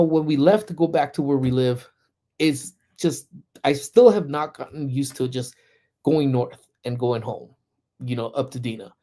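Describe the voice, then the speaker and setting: A man's voice: mid-range voice, vocal fry, dark tone. A man hosting a casual livestream chat, rambling with lots of "you know" fillers and restarts, greeting viewers by name. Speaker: livestream host.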